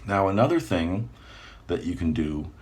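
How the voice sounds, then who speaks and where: Low-voiced guy doing a chill coaching vlog, keeps going "right?", laughs a bit. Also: normal speed. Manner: relaxed, conversational, frequent "right?" check-ins, laughs often. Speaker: manifestation coach. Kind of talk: casual talk to camera.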